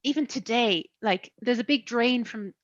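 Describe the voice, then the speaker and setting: A woman from Ireland with an Irish accent, an author chatting in a casual interview, joking with quick asides. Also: fairly high pitch, no room sound, lo-fi sound. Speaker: author guest. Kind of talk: casual video-call interview.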